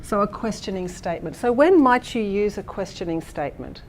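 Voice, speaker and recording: A woman's voice: mid-range voice, expressive, fairly quick, a little mellow, a little hiss or hum. A woman leading a workshop for teachers, explaining and demonstrating a lesson with frequent fillers and restarts while checking in with the room. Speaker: teacher trainer presenting a workshop.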